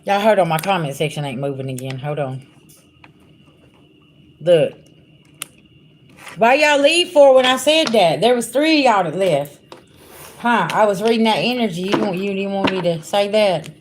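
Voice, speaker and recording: A woman's voice: medium pitch, expressive, moderate pace, pauses often, a little hiss or hum. A woman giving a casual livestream spiritual reading, talking bluntly and profanely straight to her viewers. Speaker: spiritual reader.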